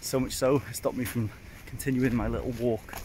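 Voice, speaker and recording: A man's voice: mid-range voice, steady tone, fairly quick. Welsh guy talking to his phone on a hike, out of breath, lots of wind behind. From Wales. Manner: chatty, self-mocking, keeps calling viewers folks. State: out of breath from climbing. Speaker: hiking vlogger. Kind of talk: casual vlog narration while hiking. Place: outdoors on a hillside trail. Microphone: handheld phone. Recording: outdoor wind and ambient noise.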